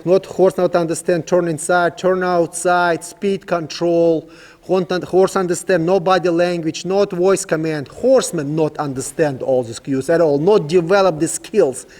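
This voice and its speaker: A man training a young horse, giving calm, coaxing commands and explaining each step in simple, broken English. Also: on the high side, in a large hall. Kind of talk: instructional demonstration.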